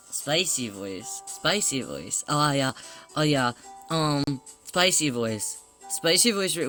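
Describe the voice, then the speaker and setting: A man chatting casually on a livestream, rambling and self-conscious, greeting viewers as they arrive. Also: on the high side. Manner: greets chat members warmly.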